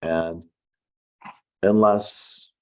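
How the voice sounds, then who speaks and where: A middle-aged man, an author, telling a story in an unhurried, reflective way with wry asides. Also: low voice, steady tone. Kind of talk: casual spoken essay.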